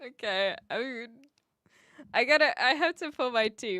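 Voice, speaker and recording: A woman from New Zealand chats with her live stream audience from an attic room, answering chat messages in a loose, self-mocking way. Her voice sits a little high and sounds bright and forward. The recording is close and dry, with hardly any room sound. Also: lively intonation, normal speed, no echo. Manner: chatty, self-mocking, breaks into laughter. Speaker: livestreamer. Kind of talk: casual chat reading live chat.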